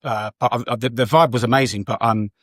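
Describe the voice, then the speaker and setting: A man's voice: mid-range voice, quick pace, no room sound. Late 40s english guy, podcast guest, laid back, lots of ums, plain middle voice, dry mic. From England. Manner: relaxed, hesitant, many ums and restarts. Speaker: guest, DJ and photographer. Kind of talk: casual interview chat.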